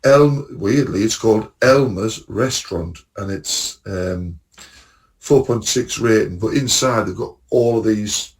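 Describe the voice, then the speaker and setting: A man's voice: lowish voice, a little slow, distant mic. A man telling rambling travel stories in casual podcast chat, laughing at his own jokes. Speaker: podcast co-host.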